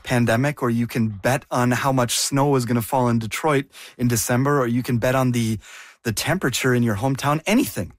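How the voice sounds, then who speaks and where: A man's voice: medium pitch, fairly quick, dry recording, studio quality. A man co-hosting a news discussion, asking questions and explaining with some hesitation. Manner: inquisitive, hesitant. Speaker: co-host.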